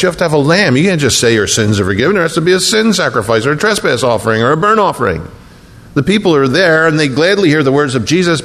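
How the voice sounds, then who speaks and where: A middle-aged male pastor preaching a sermon, moving between raised, emphatic declarations and low, hushed, tender passages. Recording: long hall reverb, faint rumble.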